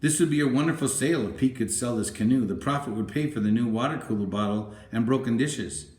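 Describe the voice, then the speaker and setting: A man narrates a children's storybook in a gentle, even reading voice at a middle pitch. The recording has a roomy echo. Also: fast. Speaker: audiobook narrator. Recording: roomy, echoey room.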